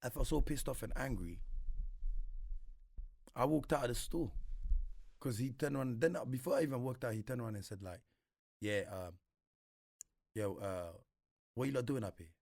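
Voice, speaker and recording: A man's voice: mid-range voice, moderate pace, vocal fry, pauses often, dry recording, clean studio sound. A young man with a London accent, telling stories from his life in a casual interview, full of street slang and acted-out quotes. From Congo. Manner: London slang, animated retelling with voiced quotes. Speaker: guest.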